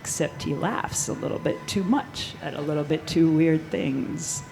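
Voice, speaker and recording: A woman telling a true spooky story live on stage, animated and swearing, laughing often. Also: sits low, normal speed, vocal fry, soft background music.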